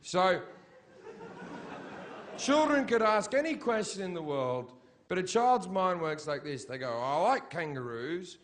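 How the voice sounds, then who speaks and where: A man's voice: sits high, sing-song, measured pace, long pauses, slight background noise. A middle-aged man doing a stand-up comedy routine on stage, blunt, profane and mocking. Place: comedy stage before a live audience.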